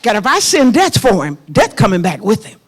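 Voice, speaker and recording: A middle-aged woman who is a pastor and prophet preaches in a church, telling a personal story with passion and addressing her congregation directly. Her slightly high voice swings hugely in pitch, moves briskly, and has a breathy edge.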